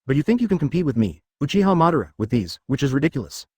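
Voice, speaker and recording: A synthetic male reader voicing a cold, cocky male ninja who hides his identity, read in an even manner. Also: fairly high pitch, very fast, slightly rough, dry recording, studio quality.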